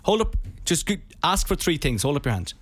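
A man co-hosting a podcast in casual chat, telling a story in a rambling, animated way. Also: on the high side, a little fast, husky, dry recording. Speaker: podcast co-host.

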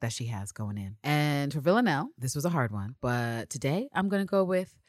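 A woman with a low voice that swings widely through her range, co-hosting a fan podcast. She chats casually, swears freely and acts out favorite lines. The sound is dry and close. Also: fairly quick, no echo. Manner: animated, profane, laughs often, acts out quotes. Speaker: podcast co-host.

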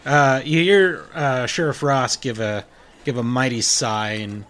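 A man's voice: medium pitch, steady tone, unhurried, a bit bright. A man narrating a tabletop game as game master in a casual, hesitant way.

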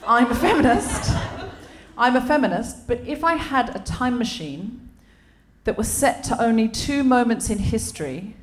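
Lively, wry woman doing a stand-up bit. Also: a little high, moderate pace, slight background noise. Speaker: comedy podcast host.

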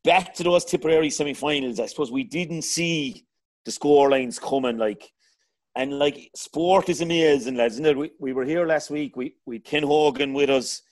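A man's voice: on the high side, normal speed. A middle-aged Irish man hosting a casual sports chat, rambling and talking to his panel as lads. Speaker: podcast host.

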